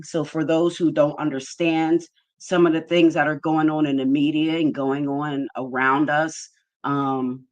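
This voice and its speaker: A woman hosting a casual livestream, thanking her chat viewers one by one in an effusive way. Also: deep voice. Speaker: livestream host.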